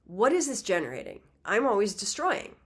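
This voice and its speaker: A woman's voice: mid-range voice, very animated, normal speed, slightly rough, voice pushed up. A woman voicing a frustrated, grouchy male god of destruction, complaining in an exasperated way.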